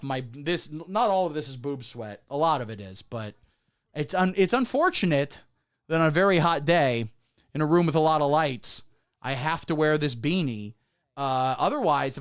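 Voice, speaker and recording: Guy doing a crude sarcastic pundit bit on a livestream, voice kinda high and bouncing all over the place. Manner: mock-pundit persona, jumping between loud outbursts and muttered asides. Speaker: comedy livestream host. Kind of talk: satirical political comedy rant. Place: indoor room under hot studio lights.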